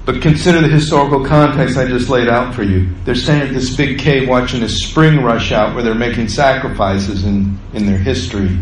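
A man preaching a sermon as pastor, acting out quotes with rising pitch and volume. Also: brisk, hardly any pauses, slight background noise. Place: church sanctuary. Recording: echoey church room, faint ambience.

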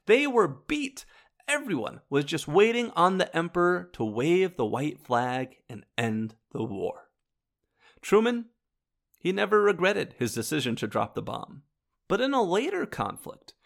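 A man's voice: sits high, gravelly. A man hosting a history show, narrating from a script and turning to his listeners with wry asides. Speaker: history podcast host.

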